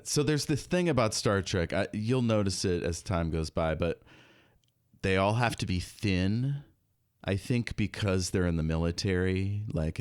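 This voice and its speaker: This podcast host speaks in a deep, smooth voice, keeping the conversation loose and chatty with frequent jokes and quick laughter. His audio is studio quality, free of any room sound.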